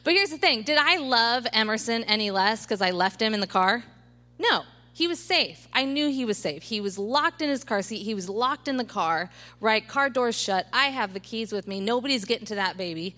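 A woman in her thirties preaching at a midweek church service, telling family stories in an animated way and often checking in with the room by asking "right?". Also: a little high, moderate pace. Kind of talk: sermon.

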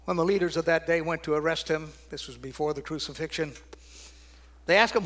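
An older man preaching a sermon, swinging from loud, ringing declarations down to hushed, almost whispered lines. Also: fairly high pitch, brisk.

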